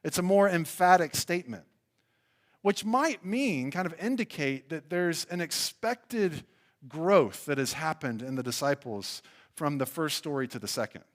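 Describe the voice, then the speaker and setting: Man, pastor, sermon, somewhat high voice, chatty with restarts. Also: lively intonation, a little slow. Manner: conversational preaching with fillers and restarts. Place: church.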